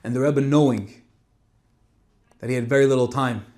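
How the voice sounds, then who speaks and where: A man delivers a Torah talk as a dramatic story. His delivery swings between forceful emphasis and quiet, hushed passages. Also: mid-range voice, fairly even intonation, normal speed. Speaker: speaker giving a Torah talk. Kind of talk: emotional storytelling sermon.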